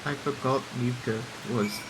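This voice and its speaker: A man's voice: mid-range voice, measured pace, background noise. A man chatting casually while hosting a game read-along stream, rambling and correcting himself. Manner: rambling, self-correcting, laughs easily. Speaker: stream host reading a game. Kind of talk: casual chat.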